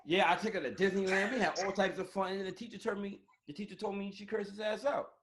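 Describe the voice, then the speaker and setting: A man hosting a live online talk show, telling frank, animated stories full of slang and swearing, on a phone or webcam mic. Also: sits high, quick pace, heavy background noise. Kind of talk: casual chat. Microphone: phone or webcam on a live stream.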